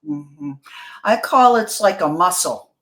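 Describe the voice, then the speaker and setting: A woman from New York, a guest author telling stories in a casual interview, animated and full of quick restarts. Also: fairly low pitch. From New York, USA.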